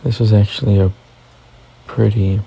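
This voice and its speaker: A man's voice: lowish voice, steady tone, normal speed, gravelly, warm tone, lo-fi sound. A man hosting a casual news recap, reading headlines and adding offhand personal comments. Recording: faint background noise.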